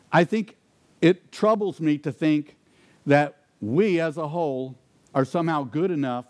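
A man preaching a sermon, asking rhetorical questions and dropping to quiet intensity for emphasis. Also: mid-range voice. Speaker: pastor.

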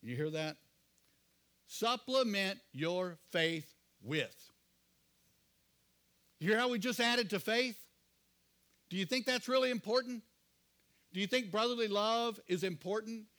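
A middle-aged male pastor preaching a sermon, earnest, often asking the congregation questions and dropping to quiet asides. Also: high voice, normal speed.

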